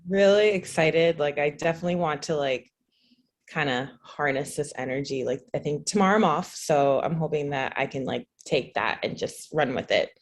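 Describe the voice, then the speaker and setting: A woman client on a coaching call, grateful and upbeat, talking quickly with fillers. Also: low voice. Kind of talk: casual talk on a coaching call.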